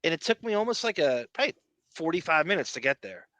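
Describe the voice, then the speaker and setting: A man from Long Island with a strong local accent talks loosely on a podcast, stacking fillers and jokes as he goes. His voice is bright and sits a little high. The sound is dry and close. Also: big pitch swings, fast talker, no room sound, low-quality recording. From Long Island, New York. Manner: rambling, jokey, many fillers and restarts. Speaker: podcast co-host. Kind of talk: casual chat.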